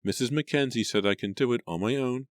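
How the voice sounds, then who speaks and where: A man's voice: mid-range voice, fast, dry recording, clean studio sound, pitched above the performer's own voice, natural voice. A man voicing a timid young maid in a storybook reading, with a meek, small voice. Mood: meek, frightened.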